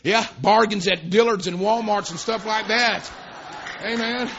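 A man preaching a sermon at a church service, telling folksy, rambling stories that swell into fervent shouts. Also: high-pitched, a little slow, creaky, a little hiss or hum. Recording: dull lo-fi recording.

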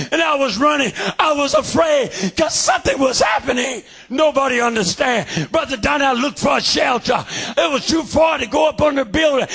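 High, raspy, shouting preacher man. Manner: fervent, shouting, preacherly cadence. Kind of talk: shouted revival sermon. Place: church sanctuary.

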